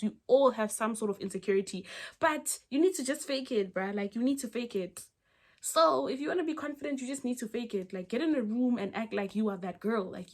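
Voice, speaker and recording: A young woman from South Africa giving casual advice to the camera, emphatic and animated, full of rhetorical questions and restarts. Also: a little high. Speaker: advice vlogger.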